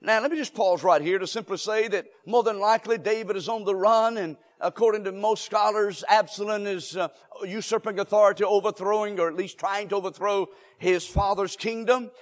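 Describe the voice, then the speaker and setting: Male pastor, high voice, emphatic preaching with call and response, recorded in a church sanctuary with long hall echo. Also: steady tone, a little fast. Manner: rising to emphatic shouts, leads call and response. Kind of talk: sermon.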